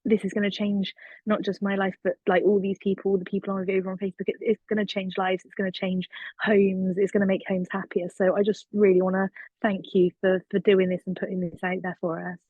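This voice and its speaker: A woman's voice: mid-range voice, little pitch movement, fairly quick, dry recording. Grateful woman on a dull, dry call. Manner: grateful, candid, says "you know" often. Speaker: participant in online training. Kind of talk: casual chat. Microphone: video call.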